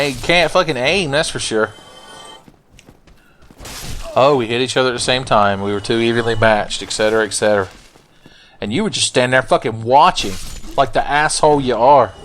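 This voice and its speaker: A man's voice: mid-range voice, a bit bright, slight background noise. A man giving sarcastic, profane let's play commentary, taunting the enemies he fights. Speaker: gaming commentator. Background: faint game music.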